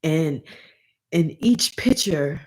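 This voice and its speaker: A woman's voice: deep voice, animated, very slow, darkish tone. A woman vlogger telling a personal story in a rambling, emotional way, often restarting and calling her viewers y'all.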